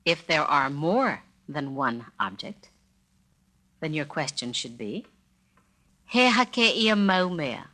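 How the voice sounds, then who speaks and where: A woman narrating a scripted spoken-word language lesson, saying each phrase slowly and carefully and repeating it for the listener. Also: deep voice, big pitch swings, pushed and bright. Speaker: language teacher narrating a record.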